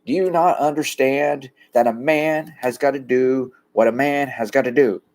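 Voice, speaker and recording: A man's voice: medium pitch, moderate pace, darkish tone, voice pushed up, close to an everyday voice. Man doing a scornful, crude preacher. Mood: contemptuous.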